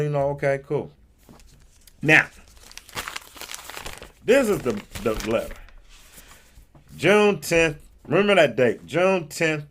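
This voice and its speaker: A man hosting a talk radio stream, telling a personal story in an animated way and acting out the people in it. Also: mid-range voice, slight background noise. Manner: acts out the people in his story with quick voice changes; emphatic and indignant.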